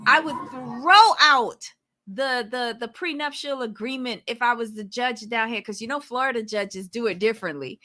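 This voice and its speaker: A woman's voice: on the high side, normal speed, sharp tone, slight background noise. A woman co-hosting a reality TV recap show, talking in a sassy, blunt way and exclaiming at the cast. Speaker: podcast co-host.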